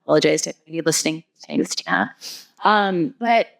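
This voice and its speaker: A woman from the US Midwest, founder of a marketing business, speaks as a guest on an interview show in a deep, brisk, creaky voice. In this casual chat she explains her ideas through long everyday analogies, often saying "like" and "you know."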